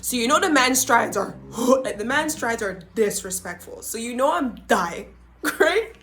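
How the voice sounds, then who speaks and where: A young adult woman hosting a podcast, retelling a story in a dramatic, animated way with frequent asides to her listeners. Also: on the high side, measured pace. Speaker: podcast host. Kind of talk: casual storytelling.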